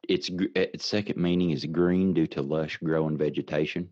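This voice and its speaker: A man co-hosting a casual podcast among friends, joking crudely and sometimes drawing his words out slowly. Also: a bass voice, steady tone, darkish tone. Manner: crude joking, slow drawn-out delivery when clowning. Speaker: podcast co-host. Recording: muffled lo-fi audio.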